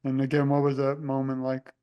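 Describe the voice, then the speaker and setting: A young man hosting a casual interview, rambling and halting with many fillers. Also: medium pitch, monotone, clear, resonant tone, highs cut off. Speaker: host.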